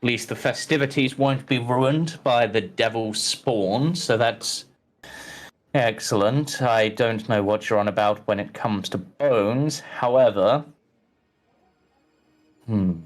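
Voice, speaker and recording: A man's voice: medium pitch, slow, lightly acted. A man voicing a pompous, self-satisfied male baron in a tabletop game, talking grandly and reassuringly.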